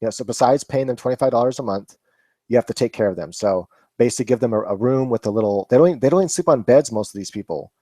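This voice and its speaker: A man's voice: medium pitch, very fast, dark tone, no echo. A man hosting a live Q&A, chatting casually and rambling with laughs and swearing. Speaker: vlog host answering viewer questions.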